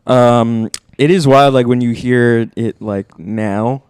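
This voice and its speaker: A man's voice: medium pitch, slow, darkish tone, clear, resonant tone, no room sound, clean studio sound. A man telling a story on a comedy podcast, rambling with lots of fillers. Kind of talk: casual comedic chat.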